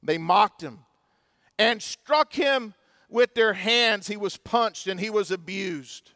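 A man preaching a sermon with passion, swinging between loud emphasis and hushed, solemn moments. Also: sits high, slow pace, no room sound, clean studio sound. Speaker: pastor.

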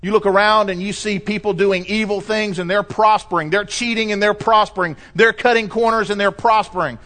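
A middle-aged man pastor delivering a sermon, preaching emphatically and rising to loud cries when he quotes scripture. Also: high-pitched, fairly even intonation, fairly quick.

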